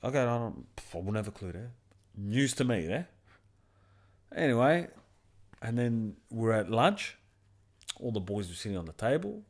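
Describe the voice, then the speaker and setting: A man's voice: lowish voice, big pitch swings, normal speed, pauses often. A young man on a podcast, animatedly retelling a work story in casual, crude slang. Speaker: podcast co-host. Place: backyard.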